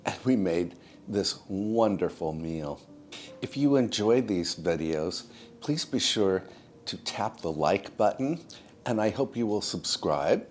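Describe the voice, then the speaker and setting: A very deep-voiced man talks viewers through a home cooking vlog at a slow, easy pace. He is soft-spoken and homey, like he is chatting with friends. A faint low rumble sits behind his voice. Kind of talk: gentle cooking vlog narration.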